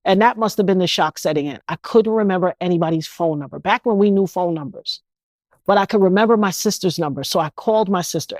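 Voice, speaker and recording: A woman's voice: medium pitch, a little mellow, dry recording, studio quality. A woman, telling her personal story as an interview guest, speaking emphatically with many restarts.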